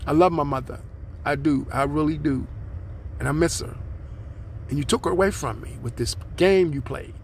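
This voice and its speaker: A man's voice: fairly high pitch, moderate pace, long pauses, slight background noise. A man hosting his own podcast, speaking, in a rambling, aggrieved monologue aimed straight at his listeners. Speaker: podcast host.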